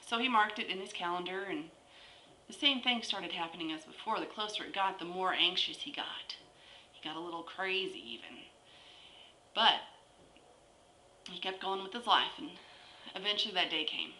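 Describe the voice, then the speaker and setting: A woman telling a long shaggy-dog joke as a story, with drawn-out pauses between phrases. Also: on the low side, bright, forceful tone, a little hiss or hum. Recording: echoey room with faint ambience.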